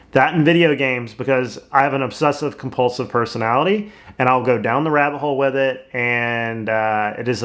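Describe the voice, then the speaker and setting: A man's voice: mid-range voice, fairly bright tone. A middle-aged man, a host, giving blunt, plainspoken advice on money and gambling in casual commentary. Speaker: real estate agent and channel host. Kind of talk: casual talking-head commentary.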